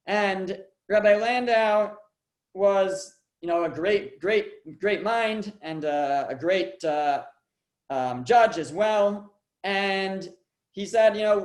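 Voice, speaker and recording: Male rabbi lecturing through a story, stop-start, with a reverberant room around him. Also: high-pitched. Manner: halting, many restarts and repeated words. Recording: echoey room.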